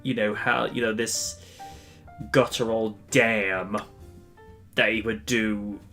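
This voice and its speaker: A man's voice: on the low side, level tone, moderate pace, sharp tone, faint music behind. A man in casual livestream chat, speaking hesitantly with many fillers.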